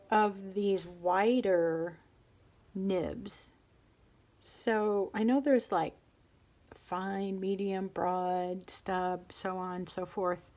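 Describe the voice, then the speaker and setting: A middle-aged woman hosts a relaxed show-and-tell vlog about her pens. She talks in a chatty, meandering way, breaking off mid-thought and musing aloud, at an ordinary pitch for a woman. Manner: chatty, self-interrupting, muses aloud. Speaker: pen and ink vlogger.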